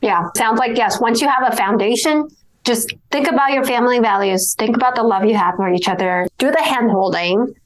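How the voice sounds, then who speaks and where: A woman's voice: fairly high pitch, fairly quick, poor audio. Hesitant woman hosting a podcast. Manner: hesitant, with many fillers. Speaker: podcast host. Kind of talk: casual interview chat.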